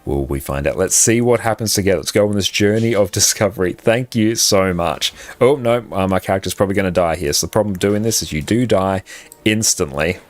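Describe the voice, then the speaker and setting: Low-voiced Australian man streaming a game. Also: fairly quick. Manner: upbeat, thanks chat often, laughs easily. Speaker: livestream gamer. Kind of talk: casual live-stream chat.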